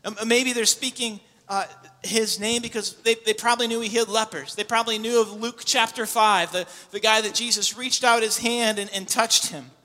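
A man's voice: high voice, fairly even intonation, moderate pace, hardly any pauses. Preacher man in an echoing hall. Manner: builds to loud impassioned preaching. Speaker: pastor. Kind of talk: sermon. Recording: long echo in a large hall.

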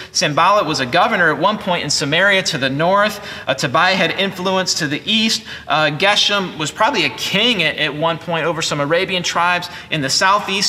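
40s male pastor preaching, chatty and earnest, bright tone, big echoey church sound. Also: high voice. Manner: earnest, conversational preaching with restarts. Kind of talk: sermon. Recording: long hall reverb.

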